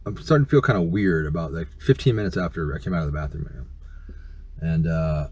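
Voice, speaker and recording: Husky deep-voiced middle-aged man rambling. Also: brisk, a little mellow. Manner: rambling, profane, many fillers. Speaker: YouTuber. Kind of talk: casual storytelling.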